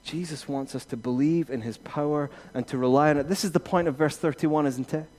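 A man preaching a sermon as pastor, rising to emphatic peaks and then dropping to quiet reassurance. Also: fairly high pitch, brisk.

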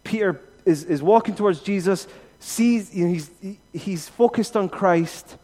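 A man preaching a sermon as pastor, rising to emphatic peaks and then dropping to quiet reassurance. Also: sits high, measured pace.

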